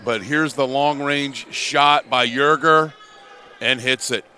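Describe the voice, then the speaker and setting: A man's voice: mid-range voice, slow, bright, forceful tone. A man in his fifties giving basketball color commentary, explaining plays in a coach-like way. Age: 50s.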